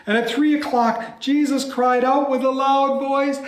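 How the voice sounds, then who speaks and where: Man, pastor, storytelling by heart, high voice, dramatic, hushed whispers, echoey church. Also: level tone, moderate pace, hardly any pauses.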